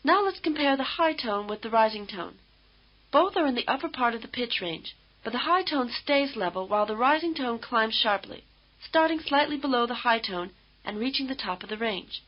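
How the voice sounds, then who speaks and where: A woman instructor giving measured, patient, scripted explanations in a language lesson. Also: a little high, expressive. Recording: dull lo-fi old course tape.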